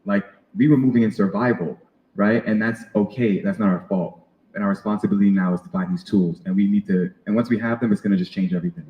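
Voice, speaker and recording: Earnest low-voiced man, sound healer. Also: steady tone, quick pace, reverberant, lo-fi sound. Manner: earnest, reflective, many fillers. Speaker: sound healer, podcast guest. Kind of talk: casual interview conversation.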